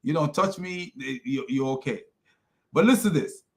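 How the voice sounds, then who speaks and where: A man's voice: on the high side, expressive, moderate pace. A man with a foreign accent giving scornful reaction commentary on videos, laughing often as he mocks. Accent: non-native English.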